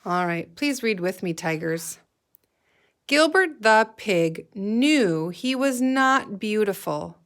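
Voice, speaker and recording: Teacher lady reading a picture book to her class, slow and careful, lots of feeling in the voice. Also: medium pitch. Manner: slow, clear read-aloud with expressive dialogue. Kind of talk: guided reading lesson.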